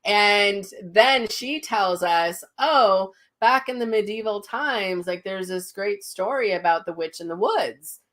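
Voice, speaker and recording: A woman's voice: slow, hardly any pauses. A woman hosting a casual chat, vividly retelling a story and acting out the voices in it. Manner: animated retelling, acts out quotes with big pitch jumps. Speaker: host, psychic medium.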